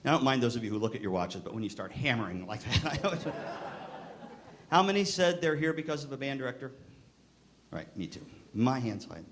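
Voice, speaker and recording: A man's voice: medium pitch, lively intonation, brisk, noisy background. A middle-aged man giving a storytelling speech to band directors at a convention, acting out voices in his stories. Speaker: keynote speaker to band directors. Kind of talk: storytelling speech to a live audience. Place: convention hall.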